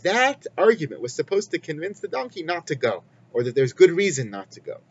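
A man giving a weekly Torah lesson in a measured, explanatory way, weaving in Hebrew quotations. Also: a little high, very animated, husky. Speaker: Torah teacher. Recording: slightly muffled with faint hum.

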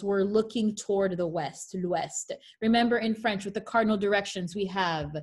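A woman's voice: mid-range voice, moderate pace, few pauses. A woman teaching French pronunciation in an online class over a video call. She reads French examples carefully and adds playful asides.

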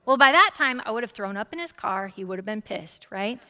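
A woman in her forties preaching a sermon as pastor, lively and conversational, with frequent asides to the congregation. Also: medium pitch, brisk. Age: 40s. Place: church sanctuary. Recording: church hall with long reverb.

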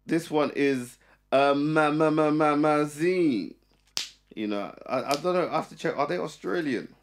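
A man co-hosting a casual podcast chat, animated, reading a listener's question aloud. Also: on the high side, unhurried, slight background noise. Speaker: podcast co-host.

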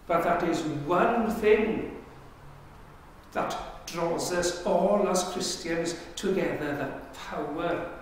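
A man's voice: high-pitched, slight background noise. A man preaching a sermon as pastor, earnest and conversational, asking the congregation rhetorical questions. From Wales. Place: church. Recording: echoey church hall recorded from far off.

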